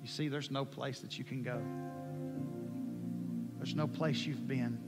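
A man preaching a sermon with passion, moving from hushed lines to loud ones. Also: mid-range voice, steady tone, measured pace, over loud music. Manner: impassioned, swings from hushed to loud. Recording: long hall reverb.

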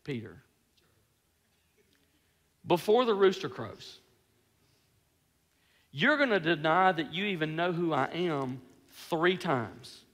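A man acting out a calm, knowing male teacher giving a quiet, grave warning, in a reverberant hall. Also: on the high side, slow, pauses often, voice pushed down.

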